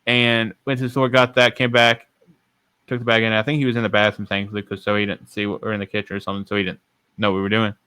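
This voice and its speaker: Smooth-voiced young man telling a story. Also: fairly low pitch, completely flat delivery, quick pace, bright, forceful tone, no room sound. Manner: rambling, self-correcting storyteller. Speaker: podcast host. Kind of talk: casual storytelling.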